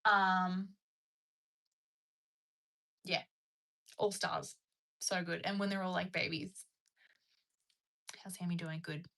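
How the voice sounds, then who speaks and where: Young woman livestream host, gravelly edge, bright tone, chatty, answers comments. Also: fairly low pitch, fairly even intonation, slow, pauses often. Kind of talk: casual live-stream chat. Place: at home.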